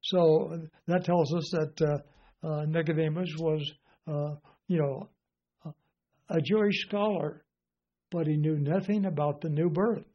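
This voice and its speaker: A man's voice: a little high, steady tone, slow, long pauses. Older man giving a folksy, rambling sermon. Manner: rambling, folksy, many fillers. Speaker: Bible teacher. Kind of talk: informal sermon. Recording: dull lo-fi recording.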